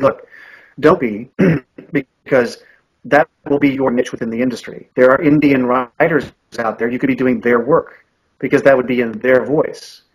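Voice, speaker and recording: A slightly rough, mid-range voice comes through poor audio: a forties-aged man who narrates audiobooks and coaches. In a podcast interview he answers with earnest thoughtfulness, frequently backing up to begin again.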